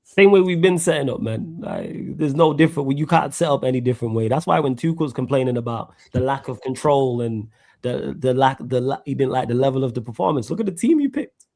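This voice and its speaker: Here is a man hosting a casual live stream. His talk is laid-back and full of laughing banter and slang. His voice sits at a middle pitch. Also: animated, a little fast, vocal fry, dark tone. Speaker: host.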